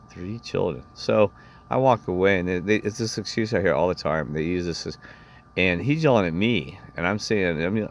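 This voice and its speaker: A man's voice: low-pitched, a little hiss or hum. A man telling a rambling personal story in an indignant, meandering way, often restarting his sentences. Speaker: vlogger.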